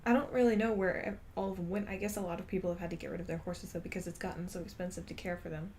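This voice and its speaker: A woman's voice: on the low side, steady tone, racing, darkish tone, a little hiss or hum. A woman streamer chatting casually while gaming, rambling and laughing often. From Texas.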